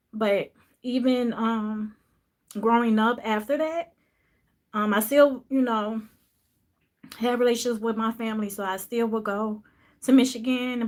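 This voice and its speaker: A woman telling a personal story in a soft, reflective voice, pausing often with fillers. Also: mid-range voice. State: emotional, voice dropping low at times. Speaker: podcast host sharing a personal story.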